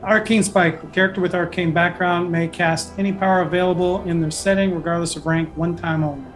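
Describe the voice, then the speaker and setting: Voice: mid-range voice, fairly even intonation, brisk, soft background music. A game master running a tabletop role-playing game, explaining the rules in an easygoing way. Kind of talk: tabletop role-play session.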